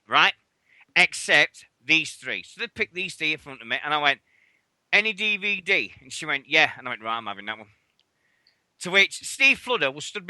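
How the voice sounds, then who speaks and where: A man's voice: sits high, pushed and bright, dry recording. A man hosting a radio show, telling stories in casual, sweary chat and acting out what others said. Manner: chatty, sweary, acts out others' lines.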